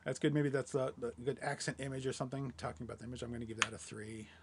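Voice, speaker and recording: A man walking viewers through a software demo in a webinar, relaxed and thinking aloud with lots of fillers. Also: mid-range voice, rapid-fire, noisy background. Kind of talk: screen-share webinar demo.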